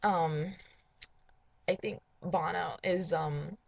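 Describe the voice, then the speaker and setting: A woman talking to camera in a casual confessional vlog for a dating profile, halting and emotional, full of sighs and restarts. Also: fairly low pitch, steady tone, creaky, darkish tone, dry recording. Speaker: person making a dating video.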